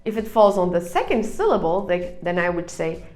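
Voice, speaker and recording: A woman's voice: lowish voice, sing-song, fairly quick, darkish tone, echoey room, faint music behind. A woman teaching English online, explaining grammar step by step and reading answers aloud.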